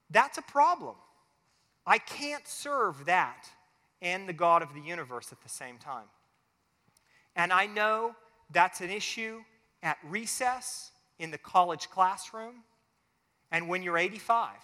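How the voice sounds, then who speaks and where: Animated high-voiced pastor in a reverberant hall. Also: male voice, measured pace. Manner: animated, acts out little quoted voices. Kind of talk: family sermon with closing prayer.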